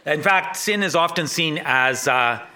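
A man's voice: a little high, animated, measured pace, bright, forceful tone, slight background noise. A middle-aged man from Canada preaching a sermon in a loose, rambling, conversational way, often restarting his sentences. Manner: rambling, self-correcting, conversational. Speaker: pastor.

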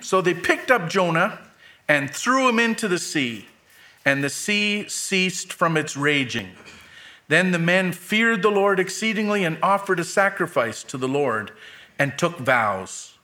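A man's voice: sits high, expressive, a little slow, sharp tone. A middle-aged man preaching a sermon, reading scripture aloud with dramatic lifts for quoted lines and adding plain asides.

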